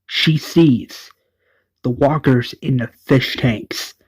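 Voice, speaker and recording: A man casually retelling an episode, rambling with lots of "like" and quick self-corrections. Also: mid-range voice, husky, dry recording, rough recording. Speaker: show recap narrator.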